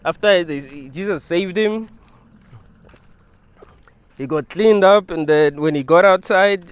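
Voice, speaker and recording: Loose, rambling man with a higher voice. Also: slow pace, clear, resonant tone. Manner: rambling, loose, laughs often, many fillers. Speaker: video creator. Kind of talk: casual monologue.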